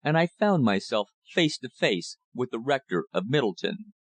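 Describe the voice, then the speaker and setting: A man reading an audiobook as narrator in a measured, steady manner. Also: medium pitch, no room sound.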